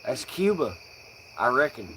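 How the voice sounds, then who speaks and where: A man playing a swaggering Southern country man with a thick put-on drawl. His voice is bright and rowdy, and faint crickets chirp in the background. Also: mid-range voice, very animated, measured pace, a little hiss or hum. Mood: boastful. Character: boastful good ol' Southern country man.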